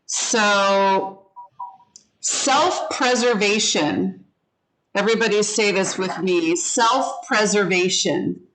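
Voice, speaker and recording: On a low-quality recording, a woman of medium pitch and slightly bright tone teaches English vocabulary. As an ESL teacher, she guides her class patiently and slowly through word meanings, leading them to repeat every word after her.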